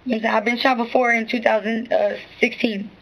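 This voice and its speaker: A woman's voice: a little high, level tone, quick pace, poor audio. A woman recounting events to an interviewer in street slang, rambling and repeating herself. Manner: rambling, repeats "you know what I'm saying". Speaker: witness giving a statement.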